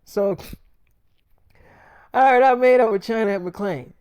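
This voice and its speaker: A man's voice: high voice, takes it slowly, darkish tone, clean tone. A young man casually narrating an improvised story in slangy, profane, boastful speech.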